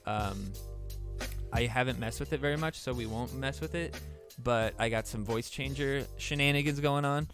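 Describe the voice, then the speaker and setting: A young man streaming games in casual chat, excitable and profane, often breaking into disbelieving exclamations. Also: medium pitch, normal speed, soft background music. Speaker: gaming streamer.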